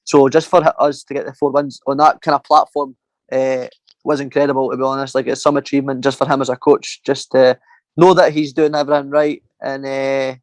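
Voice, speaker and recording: A man's voice: medium pitch, little pitch movement, fairly quick, no room sound, rough recording. A young man with a Scottish accent telling a rambling, swear-filled story in a casual interview. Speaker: MMA fighter, interview guest.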